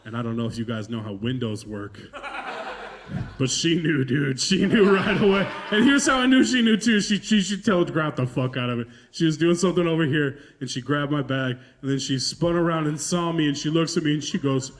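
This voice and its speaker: A man's voice: on the high side, a little fast. A male stand-up comedian telling stories in a loose, profane, self-mocking way, laughing through his lines.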